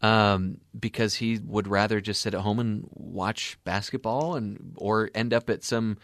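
A man's voice: lowish voice, steady tone, unhurried, no room sound. Guy co-hosting, chatty and playful, mid voice, dry studio sound. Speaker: co-host. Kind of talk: casual chat.

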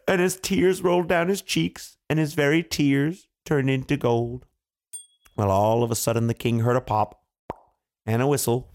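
A man's voice: fairly high pitch, brisk. A male storyteller telling a fairy tale to families with playful asides to kids.

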